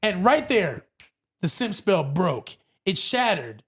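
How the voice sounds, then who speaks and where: A man guest on a podcast, telling a story in a casual, animated way and acting out what others said. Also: sits high, slow, husky. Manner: animated, acts out quotes, says bro a lot.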